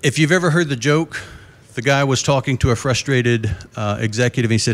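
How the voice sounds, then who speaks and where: A middle-aged man with a drawl gives a keynote on a conference stage, speaking into a stage microphone. He spins folksy jokes and stories and asks the crowd questions. His voice sits at an ordinary middle pitch for a man. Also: fairly even intonation, brisk. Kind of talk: live conference talk. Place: conference stage before a live audience.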